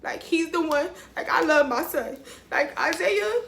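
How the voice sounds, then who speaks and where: A woman's voice: very high voice, expressive, a little slow, creaky, a bit bright, echoey room, slight background noise. A young woman, telling a raw personal story to her viewers, blunt and emotional and swearing freely. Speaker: vlogger. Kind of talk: candid storytelling to camera.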